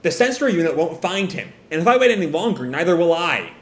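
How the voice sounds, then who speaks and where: A man's voice: high voice, big pitch swings, a little fast, a bit bright, voice pushed up. A man voicing a brash teenage ninja boy, raising his voice and pushing hard on the lines. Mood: insistent. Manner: raised, pushy delivery. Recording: roomy echo.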